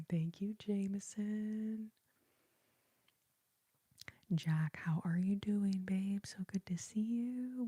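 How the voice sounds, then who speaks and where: A young woman hosting a live stream, talking gently in a half-whisper and laughing easily as she thanks viewers. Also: medium pitch, extremely slow, long pauses, breathy edge, no echo. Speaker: ASMR and singing live-stream host. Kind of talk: soft-spoken live-stream chat reading viewer comments. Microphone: sensitive studio microphone.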